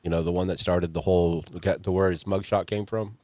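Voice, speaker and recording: A middle-aged man hosting a podcast in a loose, rambling style, swearing now and then. His voice is very deep, and the sound is dry and close. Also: fairly even intonation, a little fast, dark tone, no echo. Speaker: podcast host. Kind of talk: casual chat.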